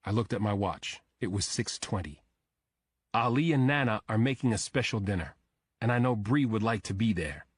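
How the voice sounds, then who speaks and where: A man narrating a crime thriller audiobook in the first person, measured and even. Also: on the low side, husky, no echo.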